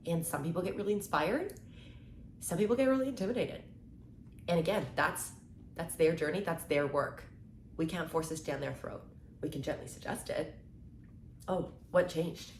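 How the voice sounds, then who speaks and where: Twenties woman chatting motivation at the camera, lowish voice, upbeat, lots of like and right, roomy echo. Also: darkish tone, a little hiss or hum. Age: 20s. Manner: chatty and upbeat, acts out quick quoted exchanges, says "like" and "right?" often. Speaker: mindset content creator. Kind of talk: casual motivational talk to camera. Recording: echoey room with faint ambience.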